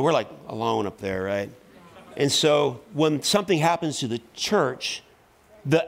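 A middle-aged man preaching a sermon in a church, telling stories and building up to loud, fervent exhortation. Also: fairly high pitch. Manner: storytelling, voice rising to loud preaching. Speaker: pastor.

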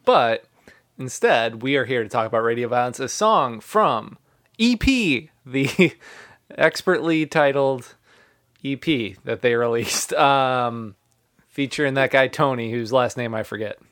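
A man's voice: medium pitch, lively intonation, measured pace, fairly bright tone, no echo. A man co-hosting a music podcast, talking in an easygoing, rambling way with dry humor. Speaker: podcast co-host. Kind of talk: casual music chat.

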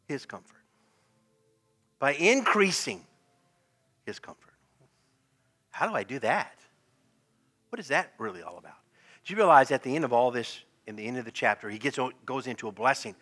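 A middle-aged man preaching a sermon as pastor, animated and laughing often, swinging from loud exclamations to hushed, quiet lines. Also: fairly high pitch.

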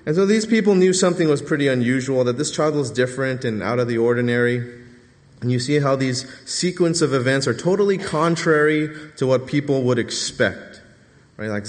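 A man's voice: medium pitch, normal speed. A man preaching a Sunday morning sermon in a chatty, conversational way, often tossing out a rhetorical "right?" to his congregation. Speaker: pastor. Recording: reverberant hall.

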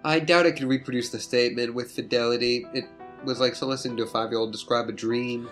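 A dry, sardonic young woman , voiced by a reader, speaking in long, ironic, wordy sentences. Mid-pitched and even, with faint music behind. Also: quick pace, natural voice.

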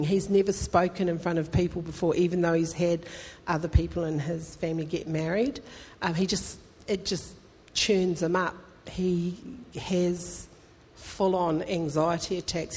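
A woman's voice: lowish voice, darkish tone, breathy edge. A woman pastor, preaching a conversational, emphatic sermon that rises into fervent appeals to the congregation. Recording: long hall reverb.

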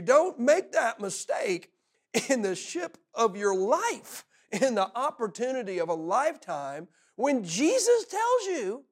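Pastor, middle-aged man, animated sermon storyteller, voice swings widely. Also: extremely high pitch. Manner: animated storyteller, laughs often, repeats words.

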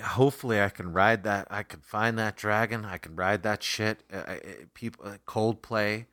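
A man co-hosting a comedy podcast, talking in excitable, profane casual chat. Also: lowish voice, normal speed, no room sound, clean studio sound. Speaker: podcast co-host.

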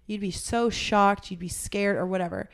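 A woman's voice: mid-range voice, steady tone, normal speed. A young woman in casual chat, blunt and swearing freely, acting out what she and others said.

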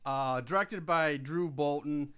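A bright, slightly high-voiced young man hosting a horror podcast. He talks casually but flares into swearing, worked-up rants. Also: slow pace, clear, resonant tone. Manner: profane, worked-up ranting. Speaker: podcast host.

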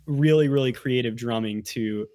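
Male guest, mid-pitched, rambling and enthusiastic, dry mic. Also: moderate pace, mellow, dry recording. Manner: rambling, enthusiastic, many fillers. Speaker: podcast guest. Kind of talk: casual chat.

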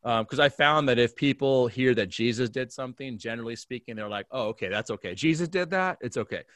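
A man who is a pastor, telling a story in a remote conversation and acting out the dialogue with big swings in pitch and loudness. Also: fast talker, no room sound, clean studio sound. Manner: animated storyteller, acts out dialogue with big jumps in pitch and volume. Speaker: pastor, guest.

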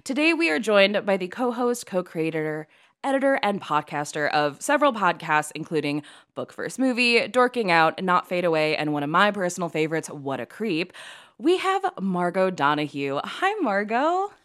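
Lively low-voiced woman podcast host. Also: moderate pace. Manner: chatty, enthusiastic, lively. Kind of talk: casual podcast chat.

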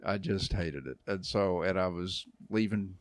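A man around sixty, a youth pastor, tells a long story in a relaxed podcast chat, acting out quoted voices and laughing often. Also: low voice, a little slow, no echo. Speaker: youth pastor and church elder.

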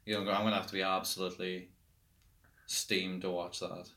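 A young Irish man with a very low, gravelly voice joins a podcast as a guest. He talks bluntly and rants with scorn when something annoys him. His speech is loose, full of restarts. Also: a little fast. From Ireland. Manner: blunt, scathing, animated rants. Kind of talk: casual chat.

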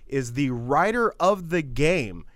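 A man's voice: fairly high pitch, expressive, a bit bright, dry recording, clean studio sound. Rambling man chatting on a podcast. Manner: rambling, halting, many fillers and restarts. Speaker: podcast co-host. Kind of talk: casual podcast chat.

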